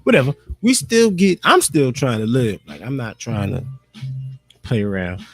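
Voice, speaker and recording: Male streamer, gravelly voice, loose profane chat, dry close sound. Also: medium pitch, huge pitch swings, moderate pace, no room sound, faint music behind. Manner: loose, profane, talks to himself and viewers. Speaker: live streamer. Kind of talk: casual rambling monologue.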